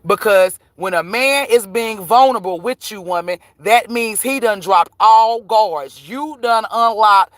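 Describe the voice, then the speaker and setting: A woman's voice: fairly low pitch, moderate pace, fairly bright tone, no echo. Blunt, profane woman ranting to viewers. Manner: blunt, profane, preachy advice. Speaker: tarot reader streaming to viewers. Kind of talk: live-stream rant to viewers.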